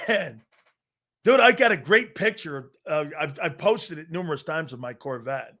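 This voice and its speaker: Middle-aged man, sports talk host, brash storyteller, swears freely, slightly high voice. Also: animated, measured pace, pushed and bright. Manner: boastful, profane, laughs often. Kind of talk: casual storytelling chat.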